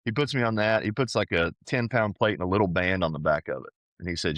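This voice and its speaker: Low-voiced guy on a podcast, earnest casual storytelling, lots of "dude", dry close sound. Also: fast talker, hardly any pauses, a bit bright, dry recording. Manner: earnest, conversational, says "dude" and "man" often. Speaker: podcast guest, powerlifter.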